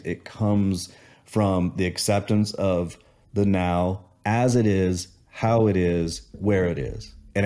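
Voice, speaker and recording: A man's voice: fairly low pitch, mellow. A man in casual conversation, reflecting on gratitude and telling a story with many restarts.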